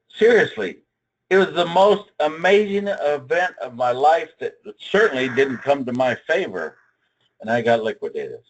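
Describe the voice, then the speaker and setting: An older man speaking at a trading seminar, telling a personal story in a dramatic, emphatic way, with big swings in pitch and loudness. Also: rough recording.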